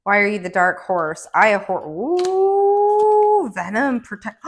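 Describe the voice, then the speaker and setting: A woman with a slightly high voice giving a casual tarot reading to a camera indoors. She rambles and jumps between thoughts, bursting into sudden excitement and then dropping to soft mutters as she turns the cards. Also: slow. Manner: excitable, rambling, frequent gasps and laughs. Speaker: tarot card reader. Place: indoor room. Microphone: camera mic.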